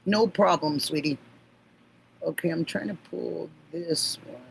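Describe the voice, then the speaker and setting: A woman hosting a livestream, chatting warmly with viewers and laughing often. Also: deep voice, unhurried, vocal fry, a little hiss or hum, rough recording. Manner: gushing, affectionate, laughs often. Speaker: livestream host. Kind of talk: casual livestream chat.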